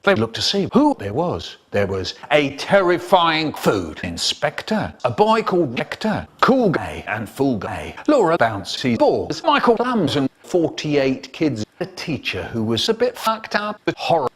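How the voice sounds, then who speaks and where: A man telling a children's story in a lively, expressive way, with spoken sound effects and stuttering repeats from a chopped-up comedy remix. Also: a little high, unhurried, hardly any pauses.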